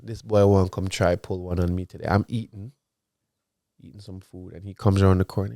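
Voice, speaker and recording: A man co-hosting a parenting podcast in casual chat, telling animated stories and using relaxed slang. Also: deep voice, fairly quick, creaky, dry recording, clean studio sound. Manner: animated storyteller, acts out his kids' voices, slangy. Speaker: podcast co-host, father.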